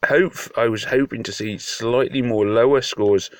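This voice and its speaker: A man's voice: medium pitch, moderate pace, no echo. A man with a British accent giving casual, joking commentary on a mobile game, self-deprecating and full of hesitations. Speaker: mobile game video host.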